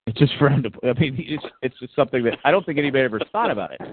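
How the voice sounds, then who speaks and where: A man's voice: mid-range voice, animated, very fast, breathy edge, no echo. Rambling man hosting sports talk, tinny line. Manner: rambling, many restarts and fillers. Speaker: podcast host. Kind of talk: casual sports chat.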